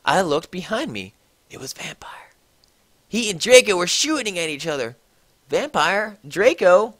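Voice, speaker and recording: A man's voice: sits high, very animated, normal speed, a bit bright, no room sound. A man giving a mocking, exaggerated comedic reading of fan fiction, swearing freely. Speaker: reader.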